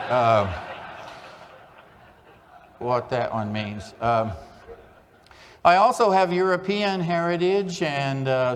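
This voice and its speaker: A man giving a humorous keynote, telling folksy jokes and stories at a conference. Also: medium pitch. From Oklahoma, USA. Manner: folksy joke-telling storyteller. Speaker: keynote speaker. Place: large conference hall. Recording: reverberant conference hall.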